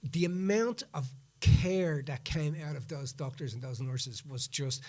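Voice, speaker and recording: A man's voice: on the high side, a little slow. A man hosting a podcast, telling a story in casual chat and acting out what people said. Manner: animated, acts out quoted speech in the retelling. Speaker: podcast host.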